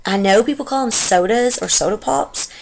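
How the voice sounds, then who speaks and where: A woman's voice: on the high side, normal speed, gravelly. A Texan woman in her thirties, chatting casually through a dialect quiz, rambling and unsure with lots of ums and trailing asides. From Texas. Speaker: vlogger. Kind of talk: casual dialect-tag chat.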